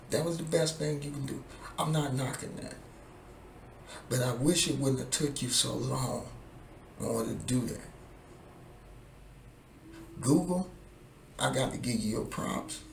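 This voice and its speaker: A man vents in a slow, deliberate drawl, his voice gravelly and full of fry as he swears and repeats his points. The room is echoey, with a faint hum of ambience underneath. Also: mid-range voice. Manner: profane, heated, repetitive. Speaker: vlogger. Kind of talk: angry political rant to camera.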